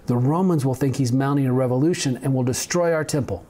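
A man's voice: mid-range voice, quick pace, mellow. A male pastor giving a conversational sermon on video, reading scripture and adding humorous asides.

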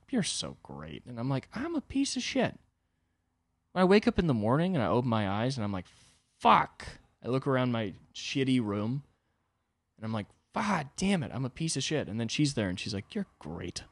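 A young man talks alone into a close mic with a dry, deadened sound, and his pitch leaps up and down as he acts out the people in his stories. He rambles in a self-deprecating, comedic way, like a casual solo podcast. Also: no echo. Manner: self-deprecating, animated, acts out quoted voices. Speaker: podcast host.

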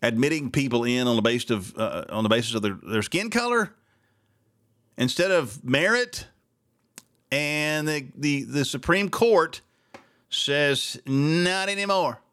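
A local radio host with a twang, a man holding forth alone at the mic. His talk is loose and rambling, turning exasperated and sarcastic as he vents. His pitch sits in an ordinary middle range for a man. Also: expressive, unhurried, long pauses, a bit bright. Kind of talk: casual talk radio monologue.

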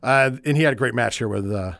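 A man's voice: mid-range voice, fast, gravelly, fairly bright tone, dry recording, clean studio sound. A man hosting a casual wrestling recap, talking with enthusiastic, profane, rambling energy and plenty of fillers. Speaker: wrestling podcast host.

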